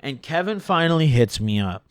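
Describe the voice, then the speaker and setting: Young guy, slangy storyteller, lively up-and-down voice, dry close sound, casual storytime vlog. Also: on the high side, moderate pace, no room sound. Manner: slangy, animated, laughs often. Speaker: streamer and storyteller.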